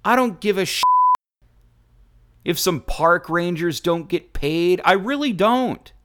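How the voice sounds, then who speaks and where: A man's voice: high voice, animated, slow pace, a bit bright. Sarcastic ranting male radio host. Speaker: radio talk show host. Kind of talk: opinion radio monologue.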